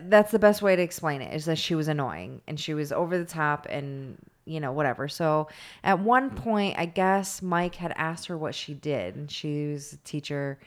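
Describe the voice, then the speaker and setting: A woman co-hosting a casual chat, telling a story in an animated, rambling way, with lots of "like" and swearing. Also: low voice, normal speed.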